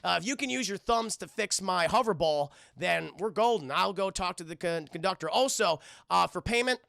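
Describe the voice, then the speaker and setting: A man voicing a scheming female cat dealer who talks in a slow, silky, condescending way. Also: sits high, lively intonation, vocal fry, pushed and bright, no echo, clean studio sound, heavily acted. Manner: slow, silky, condescending, calls people kitten.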